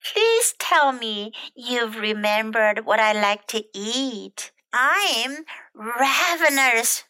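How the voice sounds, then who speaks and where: A woman's voice: on the high side, expressive, bright, forceful tone, no echo, full character voice. A woman voicing a cranky, hungry little bird in a bilingual children's storybook reading, whiny and demanding. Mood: grumpy. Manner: whiny, drawn-out complaints.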